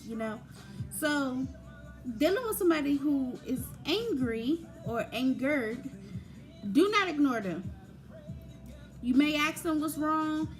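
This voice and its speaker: A young woman giving informal, conversational advice about grief, with frequent fillers. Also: high voice. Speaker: grief talk presenter. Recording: faint background music.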